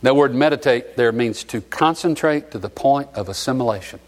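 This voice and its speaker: A man's voice: mid-range voice, normal speed. A middle-aged man from Alabama preaching a sermon, sentimental and emotional as he tells stories. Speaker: pastor.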